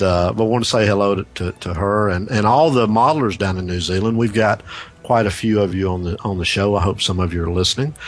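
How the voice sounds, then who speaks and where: A man hosting a casual radio talk show, rambling and repeating words as he talks. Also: fairly low pitch.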